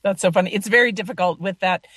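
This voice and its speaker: A woman's voice: mid-range voice, quick pace, fairly bright tone, husky, dry recording. A woman from Utah hosting an interview, chatting with playful asides. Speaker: host. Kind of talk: casual interview chat.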